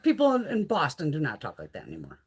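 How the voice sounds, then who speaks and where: A woman from the Northeastern US hosting a livestream, chatting casually in a blunt, profane, animated way. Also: low voice, fast. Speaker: livestream host.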